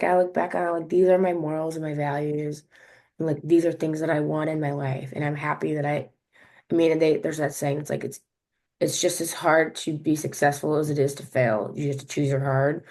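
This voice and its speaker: Woman client with a low voice, chatty and heartfelt, restarts and "like" fillers. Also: level tone, brisk, gravelly, darkish tone. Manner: rambling, many restarts and "like". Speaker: coaching client. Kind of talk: casual heartfelt testimonial.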